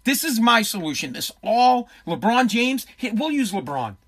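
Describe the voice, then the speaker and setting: A man's voice: very high voice, big pitch swings, moderate pace, a bit bright. A man in his forties giving a blunt, profane, heated commentary. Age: 40s. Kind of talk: ranting commentary.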